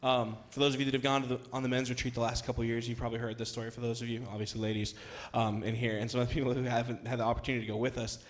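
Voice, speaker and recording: A young man preaching as a youth pastor, telling a story in a conversational way with many fillers, then rising to loud, emphatic passages. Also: mid-range voice, flat delivery, rapid-fire, few pauses. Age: young adult. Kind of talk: sermon with storytelling.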